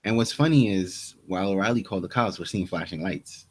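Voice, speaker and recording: Low-voiced man recapping a TV episode. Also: a little fast, crowd noise. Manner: retelling scenes with quoted lines, restarts. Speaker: podcast co-host. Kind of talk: casual TV recap chat.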